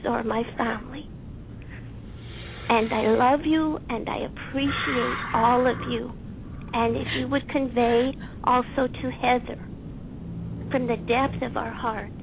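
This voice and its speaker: A woman calling in to a talk show by phone, speaking in a heartfelt, halting and soft-spoken way. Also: on the high side, a little hiss or hum. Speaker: caller. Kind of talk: emotional call-in testimony. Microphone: telephone. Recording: tinny phone line.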